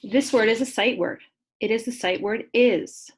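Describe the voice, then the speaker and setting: Young female kindergarten teacher, video phonics lesson, slow, exaggerated letter sounds. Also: medium pitch.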